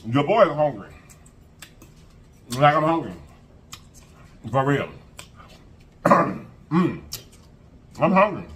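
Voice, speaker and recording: A man hosting an eating show, chatting casually to viewers and humming as he eats. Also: fairly high pitch. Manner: animated, sing-song hype, lots of humming while eating. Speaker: mukbang host.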